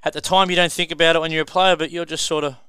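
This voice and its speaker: A man's voice: on the high side, level tone, very fast, bright, forceful tone, clear, resonant tone, no room sound. An Australian man hosting a casual rugby league chat, upbeat and steering the talk, often addressing his panel as boys. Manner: upbeat, keeps calling the panel 'boys'. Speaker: host.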